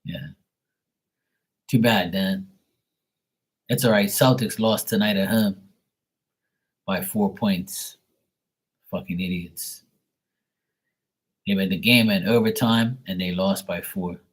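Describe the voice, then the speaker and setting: A man with a husky, slightly low voice rambles through a casual story on his live stream. His talk is blunt and full of swearing. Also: fairly even intonation, slow pace, pauses often. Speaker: live tarot reading host.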